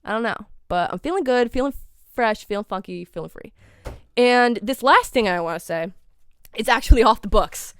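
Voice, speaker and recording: A young woman from New England with a New England accent, hosting her own podcast in a casual, animated rant full of swearing and "like" fillers, getting over a cold. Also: on the high side, normal speed, clean tone, dry recording. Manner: animated, profane, lots of "like" fillers. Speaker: podcast host.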